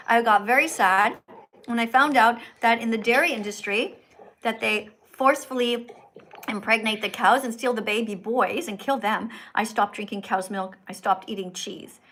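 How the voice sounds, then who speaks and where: A woman's voice: on the high side, fairly bright tone. A woman hosting a livestream video call, lecturing insistently and often cutting in. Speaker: livestream host. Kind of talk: livestream chat.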